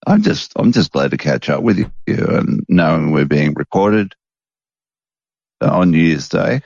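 A man's voice: extremely low pitch, expressive, measured pace, creaky, a little mellow, breathy edge, dry recording, dull audio. A man hosting a rambling, casual late-night chat at home, chuckling often. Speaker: podcast host.

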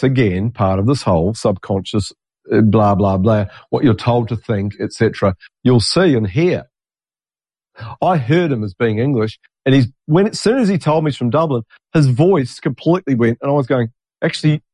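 A man's voice: mid-range voice, dark tone, slightly rough, no echo. A middle-aged man hosting his own podcast, rambling casually through stories and asides, often breaking off mid-sentence. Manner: rambling, self-interrupting, laughs at own stories. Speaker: podcast host.

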